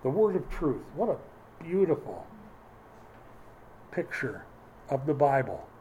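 A man's voice: medium pitch, very animated, slow pace, mellow, a little hiss or hum, rough recording. A man preaching a sermon, emphatic, with dry humorous asides. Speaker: pastor.

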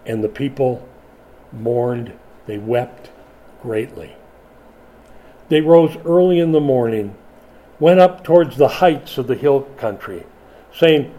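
A man preaching a sermon, dramatic and animated, dropping from loud emphasis to hushed lines and acting out voices. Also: mid-range voice, unhurried, pauses often. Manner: acts out biblical voices in quotes.

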